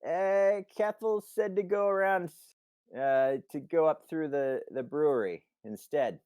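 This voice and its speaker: A man's voice: a little high, a little slow, darkish tone, clear, resonant tone, no echo, pitched above the performer's own voice, natural voice. A man voicing a stubborn male guard who brushes people off. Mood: dismissive.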